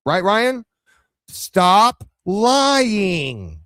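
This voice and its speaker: Brief: male live-stream commentator, sarcastic and scolding, very animated pitch, dry recording. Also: very slow, no room sound. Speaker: commentary channel host. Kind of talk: heated live reaction commentary.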